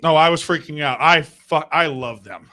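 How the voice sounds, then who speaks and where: A man's voice: fairly high pitch, normal speed, pushed and bright. A man who hosts a podcast, joking as a guest on a live stream with a loose, rambling manner. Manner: jokey, profane asides, rambling. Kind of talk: casual live-stream chat.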